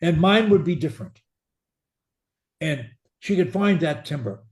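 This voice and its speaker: A man coaching a client in a speech therapy session, blunt and pushy, demonstrating high, low and soft voices. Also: expressive, measured pace, echoey room.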